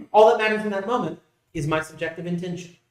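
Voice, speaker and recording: Man, high voice, podcast co-host, casual debate, jokey, roomy echo. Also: fairly quick. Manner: relaxed, jokey, pushes back.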